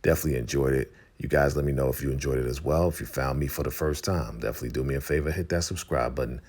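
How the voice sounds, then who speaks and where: Laid-back man with a very deep voice. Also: rapid-fire, a little mellow, husky. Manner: laid-back, calls the audience family. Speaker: host of a TV recap channel. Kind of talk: casual recap vlog.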